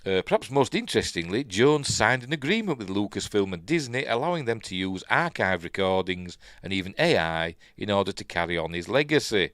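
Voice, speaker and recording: Brief: Yorkshire man hosting a news stream, lowish voice, dry close sound, rambling chatty asides. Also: sing-song, fairly quick, hardly any pauses, fairly bright tone, no room sound. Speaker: live-stream news host. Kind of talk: casual live-stream news chat.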